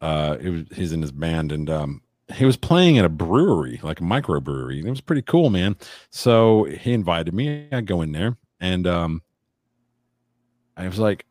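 A man's voice: deep voice, sing-song, normal speed, darkish tone, no room sound. A man in a casual podcast chat, telling rambling stories with crude jokes. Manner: rambling, crude joking storyteller.

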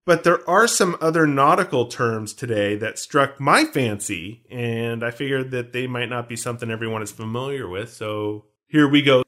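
A man's voice: mid-range voice, normal speed, few pauses, pushed and bright. Rambling, jokey man podcasting. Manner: jokey, rambling, self-mocking. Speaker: podcast co-host. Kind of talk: casual chat about a film.

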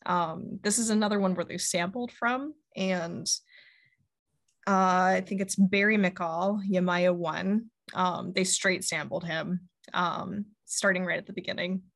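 A woman's voice: fairly low pitch, a bit bright. A woman co-hosting a casual music podcast, chatty and full of ums and likes. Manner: chatty, many ums and likes, laughs often. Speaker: podcast co-host. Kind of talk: casual music review chat.

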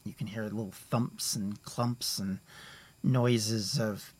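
A man runs a tabletop game, describing the scene in an unhurried, halting way. He circles back, corrects himself, and lets pauses hang as he narrates. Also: on the low side, steady tone, a little mellow, husky. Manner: rambling, halting, many fillers and restarts. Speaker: game master.

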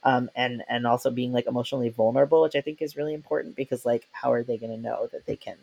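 Young man, podcast host, gravelly fry, relaxed chatty talk, laughs often. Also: medium pitch, fast talker, dull audio. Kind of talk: casual conversation.

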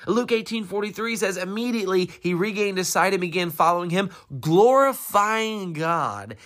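Animated storytelling preacher. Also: medium pitch. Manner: storytelling, rhetorical questions, dramatic emphasis. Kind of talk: sermon.

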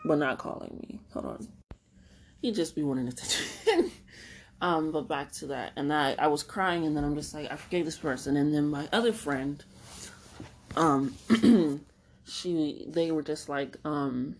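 A woman's voice: low-pitched, measured pace. A young woman hosting a solo podcast, talking candidly and rambling, laughing often and swearing casually. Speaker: podcast host.

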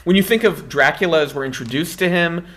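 A man's voice: a little high, a little fast, fairly bright tone. A man co-hosting a film podcast, chatting casually and explaining film history at length. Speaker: podcast co-host.

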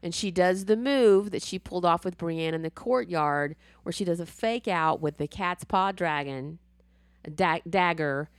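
A woman with a slightly low voice recaps a TV episode in excited casual chat. She swears freely and acts out the characters as she goes. The sound is close and dry. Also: unhurried, no echo.

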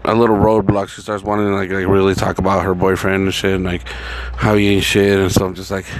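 A man's voice: deep voice, flat delivery, fast. A young adult man telling a story casually and profanely, rambling and acting out the dialogue.

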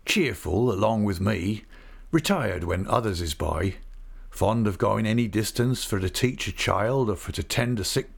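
A weathered old fisherman, as a male reader puts him on. His voice sits low and gravelly with a husky edge, rising and falling a lot as he talks slowly and earnestly. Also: heavily acted. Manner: slow, earnest, homely storytelling. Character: weathered older male fisherman, gentle and sorrowful. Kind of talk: audiobook character reading.

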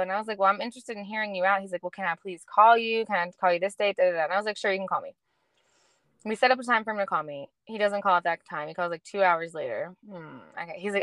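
A woman's voice: medium pitch, fast, dry recording. A woman co-hosting a casual podcast, animatedly retelling conversations and acting out both sides, with lots of "like". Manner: animated storyteller who acts out both sides of conversations, heavy use of "like". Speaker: podcast co-host. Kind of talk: casual chat, storytelling.

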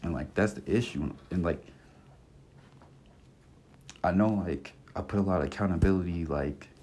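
This is a twenty-something podcast host delivering a casual solo rant, blunt and heated, loaded with slang and swearing as he loops back over the same points. He speaks at a moderate pace in a low, warm voice with a breathy edge.

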